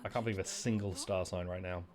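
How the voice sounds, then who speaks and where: A man casually chatting and joking while playing a game on stream, rambling and mocking himself, with sudden loud outbursts. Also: sits low, steady tone, fast, crowd noise. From not American. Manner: rambling, self-mocking, jokey, often bursts out loud. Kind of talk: casual gameplay commentary.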